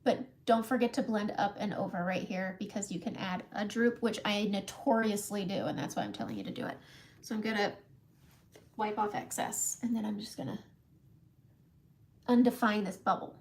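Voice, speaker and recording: A woman's voice: mid-range voice, animated, normal speed, darkish tone, slight background noise. A middle-aged woman hosting a casual live makeup tutorial from home, chatting with viewers by name and laughing often. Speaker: makeup livestream host.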